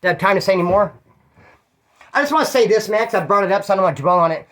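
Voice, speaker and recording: A man's voice: sits high, expressive, rapid-fire, fairly bright tone. Rambling, slangy man telling stories. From Bakersfield, California. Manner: slangy, profane, rambling with asides. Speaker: former prisoner telling stories. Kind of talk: casual storytelling monologue.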